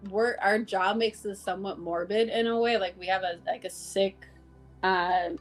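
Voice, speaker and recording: A woman's voice: mid-range voice, fairly even intonation, moderate pace, soft background music. A woman guest in a casual conversation, telling heartfelt stories about coworkers, acting out the dialogue and using plenty of "like.". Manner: heartfelt storytelling, acting out dialogue, many "like" fillers. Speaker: interview guest.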